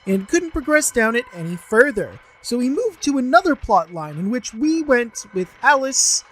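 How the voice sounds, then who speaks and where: A woman's voice: fairly high pitch, sing-song, normal speed, a little hiss or hum. A woman hosting a let's play, chatting wryly and teasing the characters. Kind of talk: casual commentary with character voicing.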